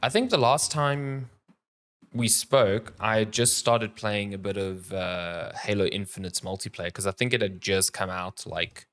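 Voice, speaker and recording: This South African man has a lowish voice and co-hosts a relaxed gaming podcast over a remote call. He talks in a loose, joking way, trailing off mid-sentence and filling gaps with "uh" and "like". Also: a little slow. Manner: loose, joking storyteller who trails off with fillers. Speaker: podcast co-host. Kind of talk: casual podcast chat. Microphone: remote call mic.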